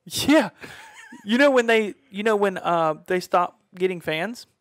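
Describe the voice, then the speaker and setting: A man with a high-pitched voice tells stories in loose conversation and keeps bursting into acted-out quotes and loud exclamations. The sound is dry and close, with no room echo. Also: lively intonation, a little slow. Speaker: podcast guest. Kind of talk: casual storytelling chat.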